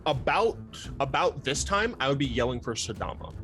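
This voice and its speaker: A man's voice: medium pitch, expressive, moderate pace, fairly bright tone, soft background music. A man playing a tabletop game, playful and tripping over his words. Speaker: player. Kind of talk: tabletop role-play.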